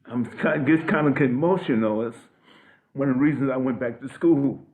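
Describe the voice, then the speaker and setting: An older man on a video call giving an emotional tribute, halting and restarting often. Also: medium pitch. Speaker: guest speaker. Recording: phone-like audio.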